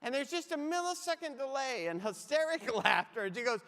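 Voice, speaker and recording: This middle-aged keynote humorist is very animated, talking fairly quickly with few pauses in a very high-pitched, fairly bright voice. He tells punchy, funny motivational stories and tosses asides to the crowd through a stage mic, with echoey reverb from the large conference hall.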